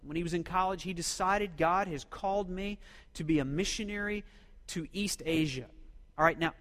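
Middle-aged man from Oklahoma, pastor, live sermon, high voice, echoing hall. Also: brisk, fairly bright tone. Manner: preaching with call-and-response to the congregation.

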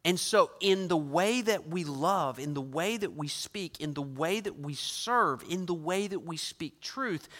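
A man's voice: on the high side, fairly bright tone. A middle-aged man preaching a sermon as pastor, emphatic, building his points with repeated phrases. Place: church sanctuary. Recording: long hall reverb.

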